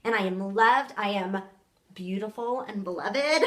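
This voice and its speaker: A woman co-hosting a casual faith conversation, affirming and encouraging, speaking softly when she tells a story. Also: medium pitch, unhurried, slight background noise.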